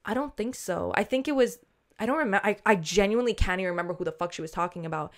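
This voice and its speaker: Chatty woman podcast host, swears a lot, acts out everyone's lines, super animated. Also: medium pitch, quick pace. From not from Australia. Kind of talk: casual storytelling chat.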